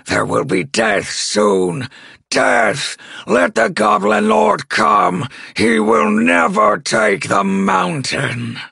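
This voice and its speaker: A man voicing a huge old male goblin chieftain in an audiobook, speaking slowly in a deep, growling, commanding voice. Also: sing-song, vocal fry, sharp tone, slightly rough, dry recording, clean studio sound, exaggerated voice. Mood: booming. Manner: slow, heavy, booming orders. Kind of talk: audiobook character voice.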